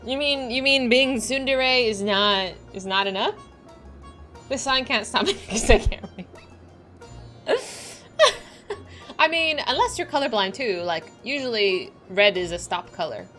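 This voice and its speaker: A woman's voice: a little high, lively intonation, unhurried, pauses often, bright, forceful tone, faint music behind. A woman streamer chatting casually and swearing freely while she plays a game. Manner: bubbly, giggly, swears freely. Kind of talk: casual gaming livestream chat.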